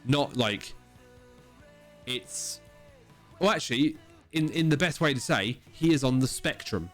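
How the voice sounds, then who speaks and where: A man, co-hosting a casual podcast chat, blunt and sweary, with halting restarts. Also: medium pitch, animated, faint music behind. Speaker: podcast co-host.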